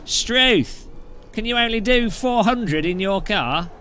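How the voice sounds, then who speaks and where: A man's voice: sits high, lively intonation, takes it slowly, a little hiss or hum, pitched above the performer's own voice, heavily acted. A man putting on a brash mock Australian bloke. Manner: exaggerated mock Australian accent, loud and raised.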